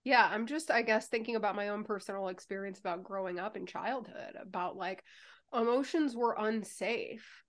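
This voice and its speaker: A woman co-hosting a podcast, talking candidly in casual chat and telling stories with lively energy and some swearing. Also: mid-range voice, moderate pace. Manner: candid, swears freely, animated storytelling. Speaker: podcast co-host.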